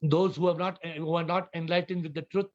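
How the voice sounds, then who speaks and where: A man giving a spiritual talk on a video call, telling stories and acting out the characters in lively voices. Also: a little high, a little fast. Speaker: spiritual teacher. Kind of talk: Zoom talk with story-telling. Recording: dull lo-fi video call audio.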